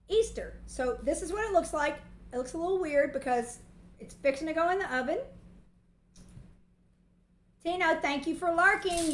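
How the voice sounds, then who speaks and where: A woman's voice: high voice, echoey room, a little hiss or hum, rough recording. A woman with a Southern US accent, hosting a cooking livestream from her home kitchen and chatting at length as she works. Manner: chatty and long-winded. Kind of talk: casual cooking demonstration. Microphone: movable mic near the stove.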